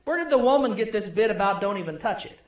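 A male pastor preaching a sermon, telling the story with swings from loud to hushed. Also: sits high, animated, fast talker, reverberant.

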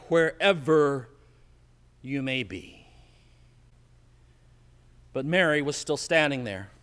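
A man preaching a sermon as pastor, slow and emphatic, dropping to a hush on key words, recorded in an empty church. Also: high voice, long reverb tail. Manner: slow, emphatic preaching with dramatic drops to quiet.

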